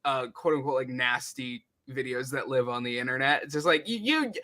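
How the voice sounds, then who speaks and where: A podcast co-host in casual recap chat, hesitant and full of fillers, with loud bursts of laughter. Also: medium pitch, fairly quick.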